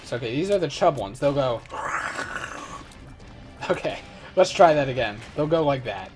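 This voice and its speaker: A man's voice: medium pitch, lively intonation, a little slow, faint music behind. A man in his twenties giving casual gameplay commentary, rambling and joking at his own expense. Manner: rambling, joking, self-mocking. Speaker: let's play host.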